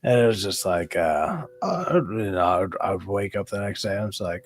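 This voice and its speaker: Low-voice dude rambling on stream, lots of restarts and cussing, dry close sound. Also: male voice, animated, normal speed, few pauses, no room sound. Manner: rambling, many restarts, swears casually, laughs loudly. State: drinking during the stream. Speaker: streamer and podcast host. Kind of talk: casual chat on a live stream.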